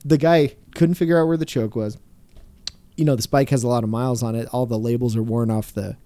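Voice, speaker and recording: Swearing, animated mechanic man. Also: medium pitch, a little fast, no echo. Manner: animated, swears freely, laughs while telling. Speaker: mechanic, podcast talker. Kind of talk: casual storytelling chat.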